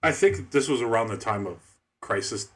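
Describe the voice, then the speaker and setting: A man co-hosting a casual podcast chat, explaining points in a measured way. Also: mid-range voice, animated.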